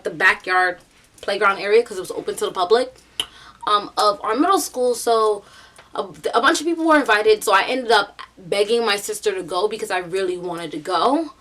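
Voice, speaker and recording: A young woman with a New York accent telling a story casually, full of "like" and "um", bringing the people in it to life. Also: mid-range voice. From United States. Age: young adult. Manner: chatty, animated storytelling with quoted voices; many fillers like "like" and "um". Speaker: vlogger.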